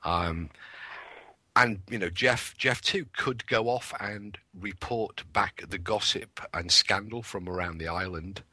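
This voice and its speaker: A man's voice: sits low, slow, pushed and bright, dry recording. A man from the United Kingdom, a guest on a radio talk show describing an upcoming ghost hunt. He explains eagerly and restarts his phrases often. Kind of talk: radio interview.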